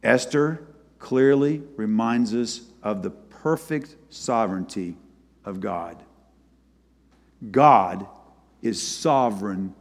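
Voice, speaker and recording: A man preaching a sermon and retelling a scripture story, his voice swinging from loud to soft. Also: fairly low pitch, creaky. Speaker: pastor. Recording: long hall reverb.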